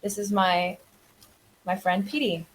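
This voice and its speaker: A woman's voice: mid-range voice, steady tone, a little slow, husky, low-quality recording. A woman playing a tabletop game, coaxing and talking in character to a creature. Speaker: player.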